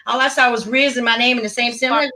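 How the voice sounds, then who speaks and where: A middle-aged woman hosts a casual livestream chat in a slightly high, steady voice, speaking fast with a pushed, bright quality. She's emphatic and repetitive and often talks over her guest.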